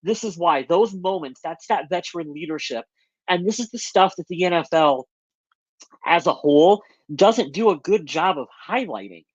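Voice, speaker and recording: A man's voice: fairly high pitch, animated, moderate pace, breathy edge, dry recording, dull audio. A man co-hosting a sports podcast, talking earnestly and reflectively in casual chat. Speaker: podcast co-host.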